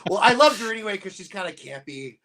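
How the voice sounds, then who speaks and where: A man's voice: high-pitched, very animated, fast, a crowd in the background. A man appearing as a guest on a live stream, chatting enthusiastically and laughing often. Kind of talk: casual live-stream chat.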